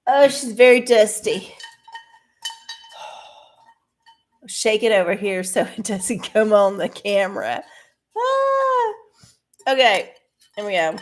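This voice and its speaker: A woman's voice: medium pitch, very animated, slow, long pauses. A woman hosting a livestream, chatting casually to her viewers in a profane, ranting way. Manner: talks to viewers directly. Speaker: livestream host.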